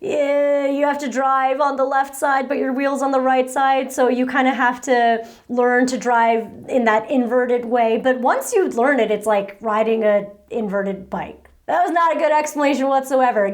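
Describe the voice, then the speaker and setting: A woman's voice: high voice, fairly even intonation, normal speed. A young woman from New Jersey answering viewer questions in a casual, rambling vlog chat, often laughing at herself. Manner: chatty, rambling, self-deprecating. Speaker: vlogger. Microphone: battery-powered microphone.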